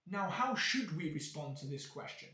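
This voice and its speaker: A man teaching an English lesson, explaining clearly and acting out examples with exaggerated intonation. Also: fairly high pitch, very animated, normal speed, bright, forceful tone. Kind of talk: video lesson. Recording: echoey room.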